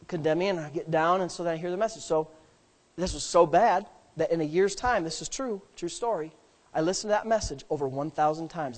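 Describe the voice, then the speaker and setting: A middle-aged pastor with a voice on the high side preaches a sermon that builds from plain storytelling into loud, emphatic declarations.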